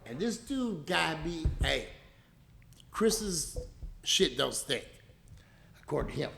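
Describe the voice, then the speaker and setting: A man's voice: on the high side, sing-song, slow, creaky, a bit bright, reverberant, a little hiss or hum. A man co-hosting a podcast, rambling through a story in casual chat, swearing and laughing often. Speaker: podcast co-host.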